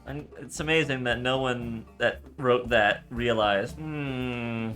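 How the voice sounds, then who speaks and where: A man chatting casually with fellow tabletop game players, telling things in an animated way and acting out quotes. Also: medium pitch, measured pace, soft background music. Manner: animated storyteller, acts out quotes. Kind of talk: casual chat on a game stream.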